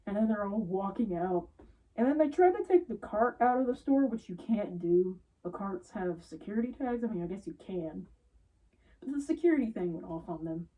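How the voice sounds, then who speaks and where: A woman's voice: mid-range voice, moderate pace, far from the mic, rough recording. Exasperated young woman recounting a retail story. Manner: exasperated, animated retelling with quoted customers. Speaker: retail worker telling a story. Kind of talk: casual storytelling.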